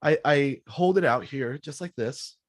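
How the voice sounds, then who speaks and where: A man talking in a casual interview, coaching in an energetic, animated way. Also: mid-range voice, measured pace, dry recording, studio quality. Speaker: sales trainer guest.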